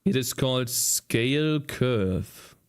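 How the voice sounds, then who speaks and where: A medium-pitched, smooth voice with lively intonation, speaking slowly: a man developing a game narrates to himself on a casual coding livestream. Frustrated, he swears, and his voice is strained from all the screaming.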